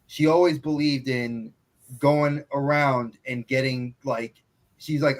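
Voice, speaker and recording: A man from New York with a New York accent, hosting a casual podcast chat as a gregarious, animated storyteller. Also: medium pitch, slow. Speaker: podcast host.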